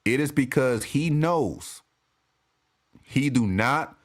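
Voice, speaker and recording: A man ranting as a sports fan commentator, profane and animated, often restarting and repeating himself. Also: medium pitch, slow. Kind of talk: ranting vlog.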